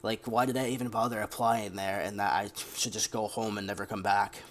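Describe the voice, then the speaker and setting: A man's voice: fairly low pitch, steady tone, fairly quick. A young man telling a long story in a casual, rambling way as a gaming commentator. He vents his frustration and curses now and then. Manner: rambling, venting, casual cursing. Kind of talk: casual storytime over gameplay.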